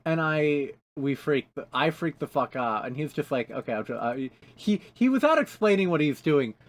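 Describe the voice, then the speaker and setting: A man's voice: fairly high pitch, expressive, moderate pace. A man co-hosting a casual podcast, rambling with many restarts and frequent swearing. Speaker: podcast co-host. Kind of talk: casual chat.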